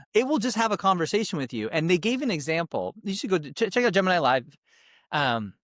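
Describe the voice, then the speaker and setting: A man co-hosting a podcast in casual chat, excitable and rambling, restarting his sentences. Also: on the high side, dry recording, clean studio sound. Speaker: podcast co-host.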